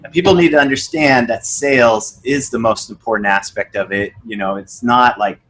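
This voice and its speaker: A man's voice: normal speed, slight background noise, poor audio. Man, podcast guest, casual storytelling, voices the people in his stories. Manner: storytelling, acts out dialogue with lively pitch jumps. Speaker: podcast guest, sales coach. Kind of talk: casual conversation.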